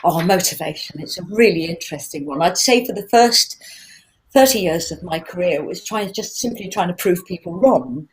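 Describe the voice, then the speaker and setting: A woman in her sixties, a singer chatting casually through a fan Q&A, lively and laughing as she tells stories. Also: lowish voice, normal speed, slight background noise, poor audio. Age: 60s. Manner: chatty, animated and laughing when telling stories. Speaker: singer hosting a live Q&A. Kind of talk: casual chat answering fan questions.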